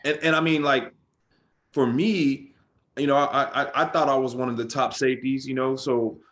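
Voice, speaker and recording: A man's voice: mid-range voice, steady tone, moderate pace, fairly bright tone. A middle-aged man, a former pro football player, tells stories in a loose, casual interview and keeps dropping "man" and "bro.".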